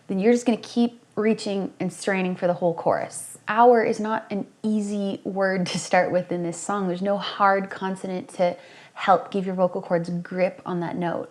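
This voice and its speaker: A young woman coaching singers through a worship song, explaining technique calmly and demonstrating with bright sung examples. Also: medium pitch. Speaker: vocal coach. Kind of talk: singing lesson with sung demonstrations.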